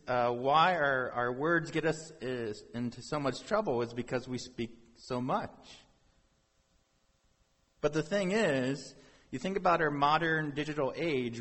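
Male pastor, unhurried sermon delivery, slightly husky, long hall reverb. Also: fairly high pitch, fairly bright tone. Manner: conversational preaching with rhetorical questions.

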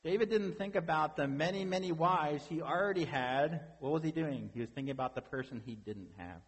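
A man's voice: a little high, brisk, husky, long reverb tail. A man preaching a sermon as pastor, conversational and full of rhetorical questions.

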